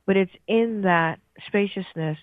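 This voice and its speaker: A woman radio host leading a guided breathing meditation in a slow, soothing, gentle way. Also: medium pitch, no echo. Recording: thin phone-like sound.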